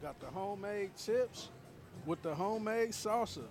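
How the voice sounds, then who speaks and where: A man's voice: sits high, normal speed. A man vlogging food reviews at an outdoor market, hyped and slangy, calling everyone man. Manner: hyped slangy chatter, says man a lot. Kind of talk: casual food review vlog.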